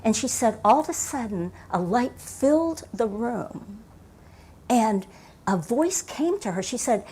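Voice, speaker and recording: Older woman pastor preaching softly. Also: on the high side, expressive, a little slow, slight background noise. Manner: reflective, varies loudness, drops to near whispers for emphasis. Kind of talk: sermon. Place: church sanctuary.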